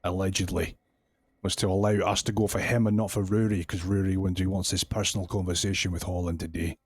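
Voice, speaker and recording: A man's voice: low-pitched, flat delivery, quick pace, darkish tone, breathy edge, no echo. A man speaking in character as a deputy in a western roleplay, matter-of-fact.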